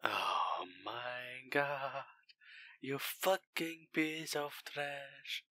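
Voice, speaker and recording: A man with a German accent doing crude, profane commentary over a game, yelling now and then. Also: mid-range voice, very slow, no echo. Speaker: gameplay commentator.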